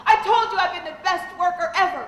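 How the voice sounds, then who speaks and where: A woman's voice: very high voice, fast talker, voice pushed up. A woman voicing a distraught young female employee who complains indignantly and whines that she was treated unfairly. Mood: aggrieved. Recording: echoey hall, faint noise.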